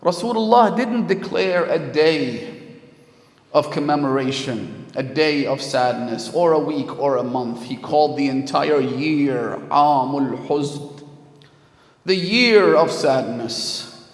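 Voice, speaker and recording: A man's voice: fairly high pitch, animated, slow pace. Man preaching in an echoey hall. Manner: storytelling, voice swelling with emotion at key moments. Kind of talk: sermon.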